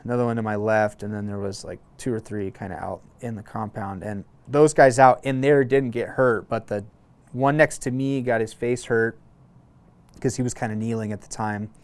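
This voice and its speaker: A man in his thirties, a former Marine, calmly telling a long personal story in a casual interview, with frequent fillers and restarts. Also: lowish voice. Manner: relaxed, halting, many fillers and restarts.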